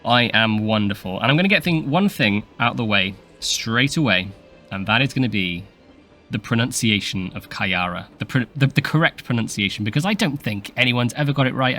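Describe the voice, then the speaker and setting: A man's voice: medium pitch, expressive, a little fast, pushed and bright, faint music behind. A man hosting a casual video game park tour, chatty and playful, laughing often. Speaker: channel host.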